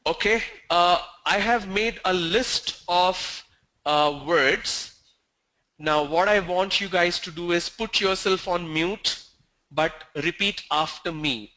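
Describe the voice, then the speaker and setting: Brief: man, pronunciation trainer, slightly high voice, sharp explanatory delivery. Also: low-quality recording. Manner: explanatory, slow stressed examples. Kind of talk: online training session.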